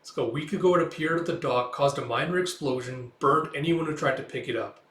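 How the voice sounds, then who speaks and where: A man reading a weary, gruff official in an exasperated way, in a roomy room. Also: a little high, quick pace, a bit bright, natural voice. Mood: irritated. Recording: roomy echo.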